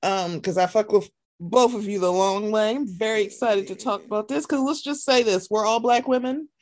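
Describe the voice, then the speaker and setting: A woman hosting a podcast in casual chat, animated and profane, acting out quotes in voices. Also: medium pitch, moderate pace. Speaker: podcast host.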